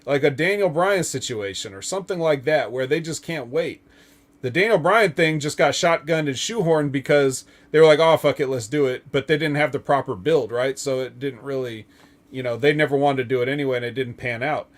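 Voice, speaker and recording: A man's voice: medium pitch, a little fast. A man hosting a casual wrestling talk podcast, rambling with lots of fillers and frequent chuckles. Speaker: podcast host.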